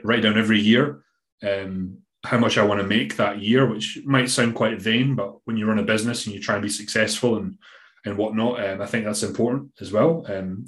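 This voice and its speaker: Scottish man, lowish voice, rambling and emphatic, casual podcast talk, roomy echo. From Scotland. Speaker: bodybuilding coach.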